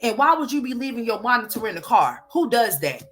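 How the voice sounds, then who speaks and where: A woman's voice: a little high, big pitch swings, brisk, a bit bright, soft background music. A woman giving a blunt, profane opinion commentary, firing off rhetorical questions. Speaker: online commentator.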